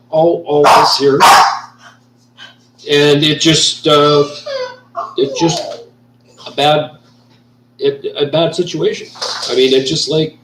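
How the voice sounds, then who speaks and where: A man from Canada vents in a heated, profanity-laced rant, circling back over the same points. His voice sits at an ordinary middle pitch and sounds a little off the mic. The room around him is noticeably echoey. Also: far from the mic. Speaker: vlogger. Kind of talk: angry ranting monologue.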